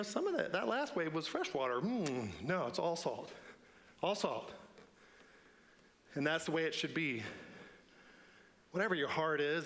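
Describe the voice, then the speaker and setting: This pastor's voice is fairly high and a bit bright as he preaches earnestly in a church sanctuary, working up to emphatic, repeated lines. Long church-hall reverb surrounds the recording.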